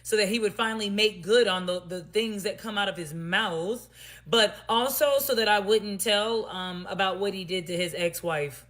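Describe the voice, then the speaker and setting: A woman's voice: mid-range voice, moderate pace, fairly bright tone. A woman vlogger telling a storytime monologue to her viewers, emphatic and sassy, with pointed asides.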